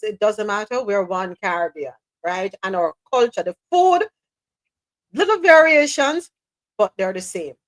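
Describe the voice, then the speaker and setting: A woman's voice: fairly high pitch, no echo. A woman hosting a live talk show, chatty and teasing, often laughing as she talks. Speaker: show host. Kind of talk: lively live-show banter.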